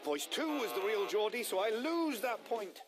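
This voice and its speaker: A man narrating a television challenge show with excitable, punchy delivery. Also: high voice, normal speed. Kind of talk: energetic TV narration. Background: music.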